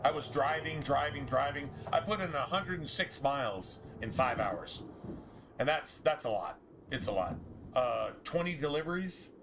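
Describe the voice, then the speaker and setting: A man's voice: on the high side, animated, normal speed, background noise. Heated, profane man. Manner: heated, profane ranting with restarts. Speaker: game streamer. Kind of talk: casual storytelling while streaming.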